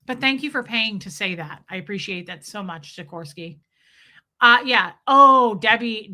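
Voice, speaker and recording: With a voice on the high side and a moderate pace, a female streamer reads out viewer messages. She's lively and playful, cursing freely, putting on mock voices and breaking into song.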